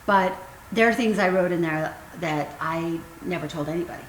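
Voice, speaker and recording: A woman in her fifties, a guest author telling her personal story candidly and emotionally. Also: lowish voice. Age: 50s. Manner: earnest, emotional, pauses with ums. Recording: roomy sound with faint noise.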